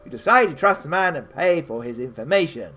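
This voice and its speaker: A man's voice: a little high, expressive, a little fast, pushed and bright. A man hosting a gamebook playthrough, reading the story aloud with theatrical, chatty asides. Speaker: game host.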